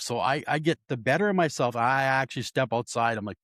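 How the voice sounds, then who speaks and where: A man's voice: mid-range voice, fairly quick, few pauses, no echo, studio quality. A man, a paranormal investigator, telling a story in casual talk and acting out the voices of the people in it. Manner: animated, acts out voices in his story.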